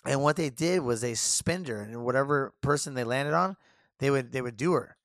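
Man, podcast host, animated anecdote telling, repeats himself, mid pitch, dry room. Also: moderate pace, no room sound. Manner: animated, repetitive, restarts phrases. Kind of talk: casual storytelling chat.

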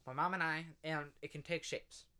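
A man's voice: fairly high pitch, fairly even intonation, normal speed, sharp tone, clear, resonant tone. A young man co-hosting a casual chat in an easygoing, joking way, who stops and starts with fillers as he tells a story. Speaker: podcast co-host.

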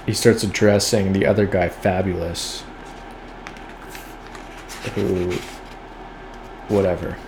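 A podcast host reads old poems aloud in a low, fairly even voice, going slowly with long pauses against a noisy background. Between lines he riffs with wry, profane asides, and when looking words up he spells them out letter by letter.

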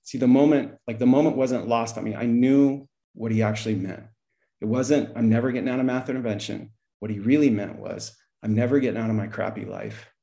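A man's voice: mid-range voice, fairly even intonation, brisk, vocal fry, dark tone. A middle-aged man, a former school principal, telling a story in conversation, acting out the dialogue and often laughing. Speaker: podcast guest, school principal.

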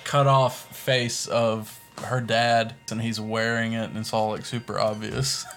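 A man co-hosting a podcast, retelling a movie plot in an animated way, laughing and saying "like" a lot. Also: fairly low pitch, unhurried. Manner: animated storyteller, laughs often, lots of "like". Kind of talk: casual movie recap chat.

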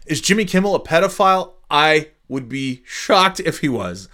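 A man's voice: fairly high pitch, animated, normal speed, bright, forceful tone. A man ranting casually on his podcast, profane and exasperated, rambling with lots of restarts. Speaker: podcast host. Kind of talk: casual rant.

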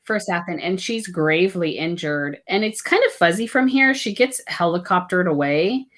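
A woman co-hosting a casual book recap chat, animated and laughing, with her pitch jumping up for emphasis. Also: moderate pace. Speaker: podcast co-host.

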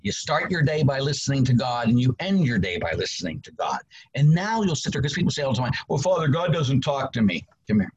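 A man's voice: brisk, breathy edge, highs cut off. A man in his sixties, a priest, telling his story in an interview and acting out quotes with big jumps in voice. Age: 60s. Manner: animated preacher, acts out quotes with big pitch jumps.

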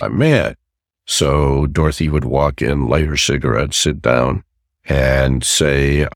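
A man's voice: rumbling low, gravelly, dry recording, clean studio sound. An older man, a family therapist, telling stories from his career in a podcast interview and acting out the voices he quotes.

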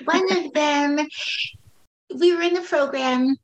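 A woman who coaches children and families, telling client stories in an animated, conversational interview. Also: high-pitched, slow pace, highs cut off.

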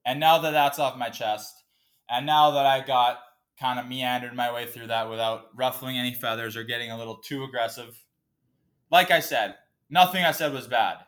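A man's voice: mid-range voice, steady tone, normal speed, fairly bright tone. A man hosting a casual solo podcast, ranting in a profane, emotional, fired-up way. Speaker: podcast host.

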